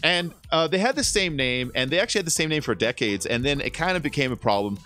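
With faint music in the background, a man in his thirties chats casually while gaming on a livestream from home. His voice is fairly high, expressive, fast, and sharp, and he rambles in a laid-back way, swearing frequently.

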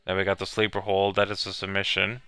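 Male gamer, crisp and bright, dry close sound, casual hesitant commentary. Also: sits low, completely flat delivery, fast talker, no room sound. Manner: hesitant, many fillers, reads on-screen text aloud. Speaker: gamer playing a video game. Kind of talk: casual let's-play commentary.

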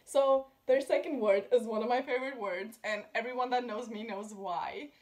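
A woman's voice: a little high, moderate pace, a little mellow. Giggly woman host. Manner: giggly, chatty, swears casually. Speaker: YouTube host. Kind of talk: casual chat.

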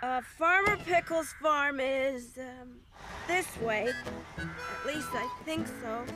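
A man's voice: very high-pitched, slow pace, music in the background. An actor voicing a nervous, hesitant male crane machine who stammers in a cartoon. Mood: muddled.

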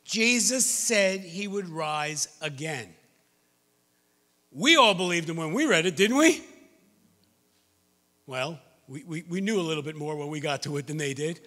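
Male pastor, high and bright voice, lively sermon delivery, church hall reverb. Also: a little slow, long pauses. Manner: lively preaching with scripture readings and asides. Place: church sanctuary.

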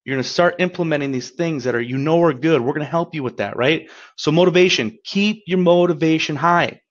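A man's voice: fairly high pitch, a little fast, muffled recording. A man giving a webinar as a coach, talking in an upbeat, encouraging, conversational way, often checking in with "right?". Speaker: credit repair coach. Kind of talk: webinar presentation.

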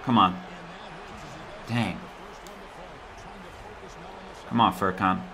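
This man's deep, creaky voice is extremely slow, with a little hiss or hum on the recording. Playing a basketball video game for his YouTube channel, he excitedly cheers and groans at the players, addresses them directly, and shifts from mutters between plays to yells.

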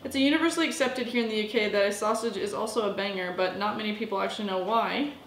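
A woman's voice: medium pitch, quick pace, roomy sound, a little hiss or hum, low-quality recording. A woman from the United States, chatty and goofy, talking to herself while she cooks in her home kitchen for a vlog. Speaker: vlogger. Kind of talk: casual cooking vlog.

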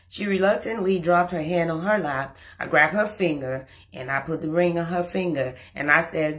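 A young adult woman from Liberia telling a comic personal story to camera, lively and acting out the quoted lines. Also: moderate pace, few pauses. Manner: animated, acts out quoted lines with rising pitch and volume. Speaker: comedian storyteller.

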